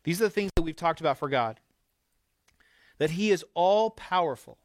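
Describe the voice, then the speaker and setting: A man preaches with a fairly high voice and an emphatic, conversational delivery. He slips into quoted asides as he talks to the congregation. The sound is dry, with almost no room echo. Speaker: pastor. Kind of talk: sermon.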